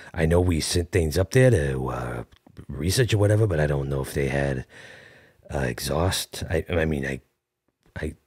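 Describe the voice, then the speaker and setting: A man's voice: very deep voice, husky, dry recording, clean studio sound. A man hosting a comedy podcast, answering a caller with hesitant, stammering replies. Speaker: podcast host. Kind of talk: casual chat.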